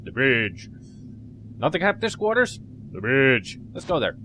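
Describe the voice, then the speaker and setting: A man gives chatty let's play commentary, his pitch swinging lively and wide as he jokes along. His voice sits in a middle register. A faint hiss of noise runs under the recording. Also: a little slow. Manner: chatty, animated and joking. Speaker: gamer commentator.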